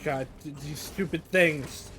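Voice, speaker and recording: A man's voice: fairly high pitch, takes it slowly, sharp tone, faint music behind. A man casually commenting on a game as he plays it on a live stream, joking and laughing at his own play.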